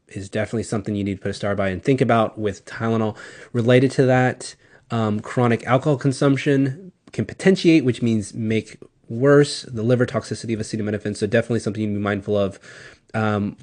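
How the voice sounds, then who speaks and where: A man lecturing students on medications, relaxed and conversational, with plenty of fillers and trailing asides. His pitch sits in an ordinary middle range for a man. He talks as if chatting with a class he knows. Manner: casual, rambling, many fillers and self-interruptions. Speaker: pharmacology lecturer.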